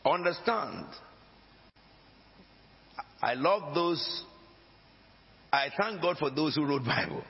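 A man's voice: on the high side, expressive, slow pace, pauses often. A man preaching a sermon as pastor, emphatic, with dramatic rises and drops in his voice. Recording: dull lo-fi recording with long hall reverb.

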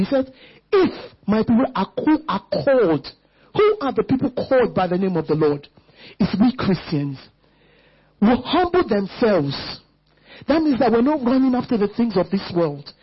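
Woman preacher, fervent sermon delivery, very husky breathy voice, a bit high, dull lo-fi sound. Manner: fervent preaching, reads scripture aloud slowly. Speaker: church speaker.

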